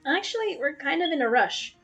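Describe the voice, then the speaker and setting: A woman's voice: high-pitched, expressive, a little fast, a bit bright, soft background music. A woman voicing a direct young female hunter in a game, in close to her own voice. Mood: hurried.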